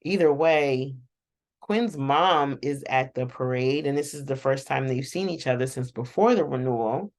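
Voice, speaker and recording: A woman's voice: very deep voice, moderate pace, darkish tone. A woman hosting a casual, rambling reaction recap of a TV episode, chatting to viewers and laughing often. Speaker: show reaction host.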